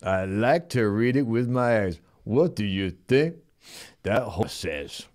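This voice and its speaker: Man doing a tough-guy comedy host, mumbling drawl, goofy, very lively pitch. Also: slow pace. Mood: jokey. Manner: goofy, cheerfully bossing the sidekick and crew. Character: brash Stallone-style male talk-show host. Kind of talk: live comedy show character.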